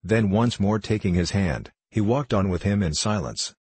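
A man narrating a classic novel as an audiobook, reading in a measured, even way. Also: on the low side, slightly rough, no echo.

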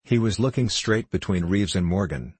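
Male audiobook narrator, deep, husky, dry close sound, measured delivery. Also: lively intonation, darkish tone, no echo. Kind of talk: scripted narration.

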